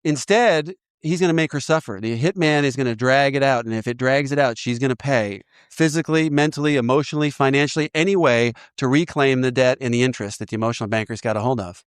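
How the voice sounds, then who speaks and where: A man sponsoring in a recovery program, walking a listener through an inventory in a lively, joking way with frequent laughter. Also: mid-range voice, fast talker, few pauses, clean tone, no room sound, clean studio sound. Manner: animated, laughs often, acts out voices. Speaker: AA sponsor guiding a step inventory. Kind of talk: casual teaching talk.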